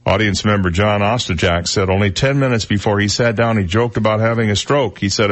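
A man hosting a radio talk show in a studio, chatting casually and chuckling at his own jokes. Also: sits low. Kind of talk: casual on-air chat. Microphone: studio microphone.

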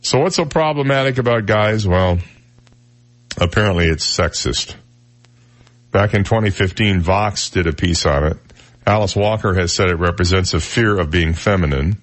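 A man from Michigan chats on the radio in a fairly low voice. He rambles easily, teasing and joking as he goes. His talk is loose and full of "uh" and "you know.". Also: moderate pace. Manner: chatty and joking, with frequent fillers. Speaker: radio talk show host.

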